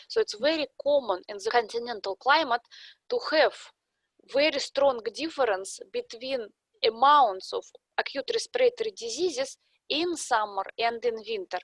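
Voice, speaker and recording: A woman's voice: on the high side, no echo. A woman with a Russian accent, a guest expert in a podcast interview, explaining things step by step with examples.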